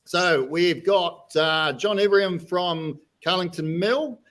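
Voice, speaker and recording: A man's voice: high voice, a little slow, fairly bright tone, poor audio. An Australian man hosting a casual video call chat, easygoing and laughing between lines. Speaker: host.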